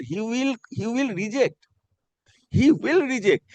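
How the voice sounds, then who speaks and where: A man's voice: extremely high pitch, animated, takes it slowly, a little mellow. A man arguing in court as an advocate, insistent and pleading, repeatedly addressing the judge as "my lord". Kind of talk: courtroom argument.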